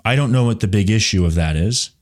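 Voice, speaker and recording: A man's voice: fairly low pitch, lively intonation, quick pace. A man hosting a live commentary show, talking in a rambling way with many fillers and reading viewer questions from the chat. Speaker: show host.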